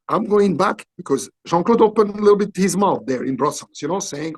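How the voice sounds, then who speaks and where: A man in his sixties from Belgium, speaking English with a French accent, animatedly telling a story in halting English and acting out what people said. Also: sits high, animated, breathy edge. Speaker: interview guest, actor. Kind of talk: storytelling interview.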